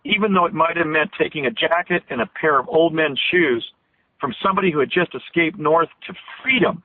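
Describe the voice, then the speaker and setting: A man's voice: on the high side, brisk, slight background noise. Earnest man on a tinny phone line. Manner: earnest, long detailed storytelling; emotional, voice catching. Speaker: radio show guest. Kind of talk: phone-in radio interview.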